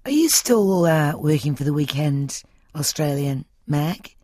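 A woman's voice: deep voice, animated, a little slow, dark tone. New woman host asking questions. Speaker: radio host. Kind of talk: interview questions.

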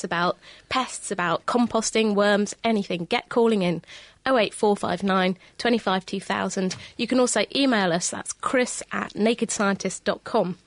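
Woman, radio co-host, fairly high voice, dry studio sound, teasing tone. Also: no echo. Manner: playful and teasing. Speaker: radio science show co-host. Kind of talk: radio chat and reading listener mail.

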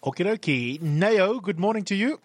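A man's voice: high voice, expressive, moderate pace, husky, no echo. A man hosting a radio phone-in, upbeat and brief. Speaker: radio host.

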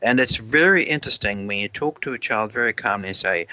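A man with a bright, forceful voice explains parenting strategies in an interview. He often doubles his words as he thinks and slips into the voice of a parent talking to a child. The recording is dry and a little muffled. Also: on the low side, lively intonation, brisk, dry recording. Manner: repeats words while thinking, acts out what a parent might say. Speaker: parenting expert guest.

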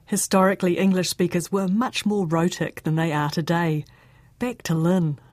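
A woman with a New Zealand accent, presenting a radio interview with clear, measured narration. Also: fairly low pitch, steady tone, darkish tone, no room sound, studio quality. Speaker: radio host.

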